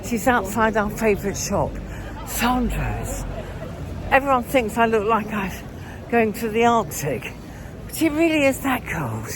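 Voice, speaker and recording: An older woman from England in her sixties, chatting to camera while walking down a busy city street, a bit out of breath. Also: a little high. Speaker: vlogger. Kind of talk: casual vlog to camera. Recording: street noise behind.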